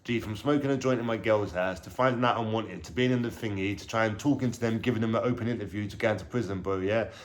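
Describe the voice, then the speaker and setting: A man with a London accent telling a personal story to camera in a casual, animated way, using heavy street slang and frequent swearing. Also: lowish voice, quick pace, few pauses. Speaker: vlogger telling his life story.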